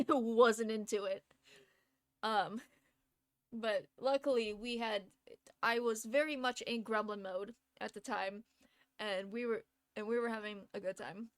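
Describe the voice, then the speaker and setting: Giggly woman streamer, somewhat high voice, dry close sound; casual storytelling. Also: measured pace, no echo. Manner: giggly, laughs often between phrases; chatty, lots of fillers and restarts. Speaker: live streamer.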